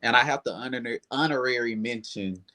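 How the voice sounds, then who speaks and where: A man's voice: medium pitch, fairly quick, bright, forceful tone. A young man with a Southern accent, chatting animatedly as a singer guest in an interview, with lots of "like" fillers. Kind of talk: casual interview chat.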